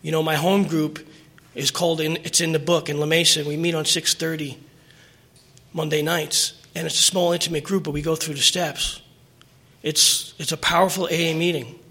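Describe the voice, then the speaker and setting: A man's voice: fairly high pitch, flat delivery, moderate pace, bright, forceful tone, husky. A middle-aged man telling his personal recovery story at a meeting, earnest and emotional, rambling with restarts.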